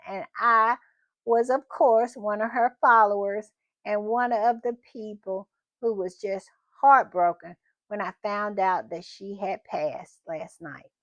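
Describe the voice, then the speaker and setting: Slow, chatty woman host. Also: medium pitch, no echo. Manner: chatty and emphatic, repeating phrases. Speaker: commentary channel host. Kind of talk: casual opinion commentary.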